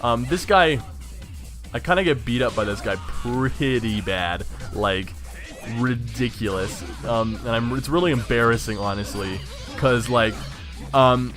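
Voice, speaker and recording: Male let's-play host, middle-pitched, excitable and profane, lots of stammered restarts, quiet game music behind. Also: measured pace. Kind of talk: gameplay commentary.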